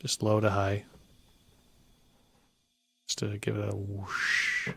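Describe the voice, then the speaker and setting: A man explaining his music production in a relaxed, casual way, thinking aloud with fillers and self-corrections. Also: on the low side, takes it slowly, gravelly, no echo. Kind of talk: casual screen walkthrough. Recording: music playing underneath.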